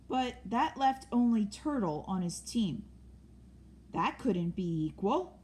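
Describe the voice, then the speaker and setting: A woman narrating a children's picture book in a gentle, expressive read-aloud. She reads slowly, and her pitch moves a great deal. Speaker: storyteller.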